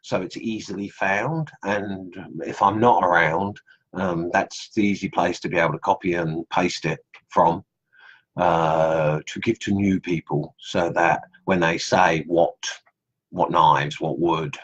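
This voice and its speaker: A man's voice: low voice, steady tone, measured pace, dull audio. A middle-aged man from England with an Australian accent layered over English, hosting a casual live stream and rambling through viewer comments with many ums. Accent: Australian with English traces. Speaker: online group host. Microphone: computer mic on live stream.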